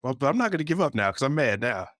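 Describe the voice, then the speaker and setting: A man with a mid-range voice talks very fast, recorded with no room sound. During casual chat on the pop culture podcast he co-hosts, he rambles through an animated story.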